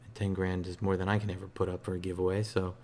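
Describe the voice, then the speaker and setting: A man streaming games, chatting casually in a relaxed, rambling way with a soothing voice and lots of fillers. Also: deep voice, fast, slight background noise. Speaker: game streamer. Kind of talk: casual live-stream chat.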